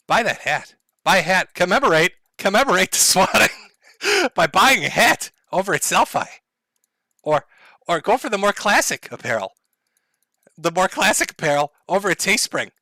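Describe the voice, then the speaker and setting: A man's voice: on the high side, bright, forceful tone, dry recording, studio quality. Sarcastic, laughing male streamer. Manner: sarcastic, laughing, swearing, mock-tragic asides. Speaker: livestream host. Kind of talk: casual livestream rant. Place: at home. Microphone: headphones and desk mic.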